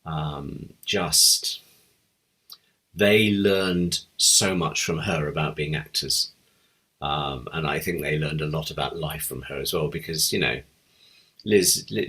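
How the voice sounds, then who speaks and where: A man's voice: very deep voice, pushed and bright, slightly rough. A middle-aged man, a television script editor, telling fond, rambling anecdotes in an interview. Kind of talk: reminiscing interview answers.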